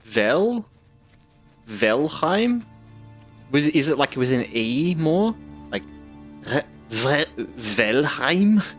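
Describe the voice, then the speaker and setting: A man's voice: mid-range voice, sing-song, soft background music. A young Australian man casually streaming a game, bantering with chat and laughing often. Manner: laid-back banter, laughs often, slow drawl.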